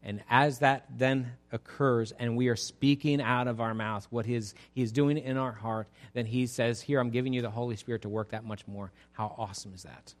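A man preaching a sermon as pastor, swinging from loud exhortation to soft pleading, speaking to a church congregation. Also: medium pitch, steady tone, moderate pace, hardly any pauses. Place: church sanctuary.

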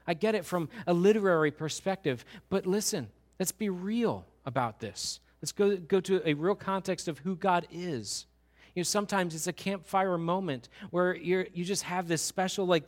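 Middle-aged male pastor, animated sermon delivery, crisp bright tone. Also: high voice, normal speed. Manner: animated, acts out voices of churchgoers.

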